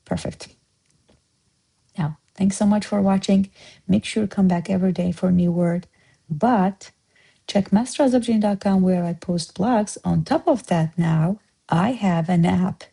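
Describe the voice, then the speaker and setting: A woman teaching a word-of-the-day language lesson, explaining slowly and repeating words for learners. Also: on the low side, gravelly, mellow, husky, rough recording. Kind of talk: vocabulary lesson.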